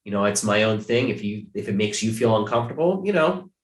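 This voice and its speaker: A man's voice: lowish voice, lively intonation, quick pace, echoey room. A man from Ohio, a podcast guest chatting casually, rambling with many fillers and restarts. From Ohio, USA.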